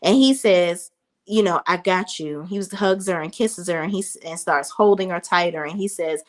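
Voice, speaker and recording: A woman's voice: lowish voice, moderate pace. A woman in her thirties giving a chatty, casual recap of a reality TV episode, talking straight to her viewers. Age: 30s. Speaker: reality TV reviewer.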